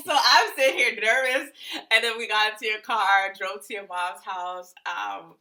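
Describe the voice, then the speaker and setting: A woman's voice: medium pitch, sharp tone. A young woman with a Massachusetts accent, co-hosting a podcast and telling a story in a chatty way, laughing often and saying "like" a lot. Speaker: podcast co-host. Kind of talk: casual storytelling chat.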